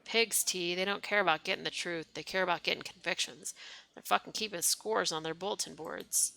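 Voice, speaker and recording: Woman voicing snide tattooed dockworker man, scornful, lowish, gravelly. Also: a little fast, pushed and bright, poor audio. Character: snide tattooed male dockworker, second in command.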